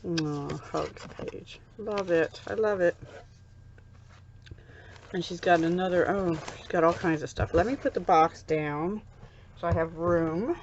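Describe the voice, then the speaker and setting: Woman, middle-aged, from the USA, slow, gushing, crafting vlog, dull lo-fi home recording. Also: on the low side, a little mellow, slight background noise. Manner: chatty, gushing, easily touched. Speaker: crafting vlogger. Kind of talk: casual unboxing chat.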